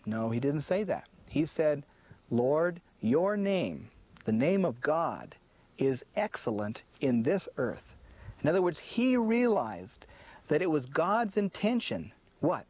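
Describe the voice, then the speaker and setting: A man's voice: on the high side, big pitch swings, slow pace, darkish tone, no echo. A man preaching a sermon, often saying "listen" and posing questions he answers himself. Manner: emphatic, repeats "listen" to drive points home; asks rhetorical questions and answers them.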